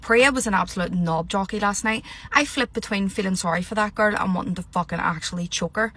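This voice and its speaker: A woman's voice: mid-range voice, brisk, hardly any pauses, a bit bright. A young woman ranting about a reality show in a heated, sweary, exasperated vlog. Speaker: reality TV commentator.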